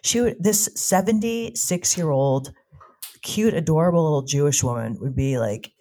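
Halting, emotional woman in recovery. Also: low voice, lively intonation, warm tone. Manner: emotional, halting, repeats words. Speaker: guest in recovery from addiction. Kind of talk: emotional personal storytelling.

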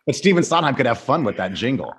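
A man hosting a casual interview, enthusiastic and firing off quick questions. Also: mid-range voice, sing-song, breathy edge. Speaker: podcast host.

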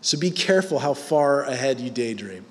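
A man's voice: mid-range voice, lively intonation, moderate pace, a bit bright, in a large hall. A man preaching a sermon in a conversational, emphatic way.

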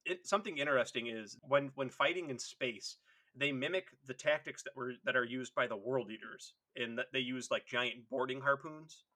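A man co-hosts a podcast in a loose, profane chat. He is animated and laughs often, with a voice of average pitch. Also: normal speed. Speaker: podcast co-host. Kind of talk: casual chat.

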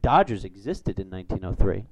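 A man hosting a casual sports podcast, rambling through stats and getting excited over big plays. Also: sits low, fairly quick, no room sound, poor audio. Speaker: podcast host.

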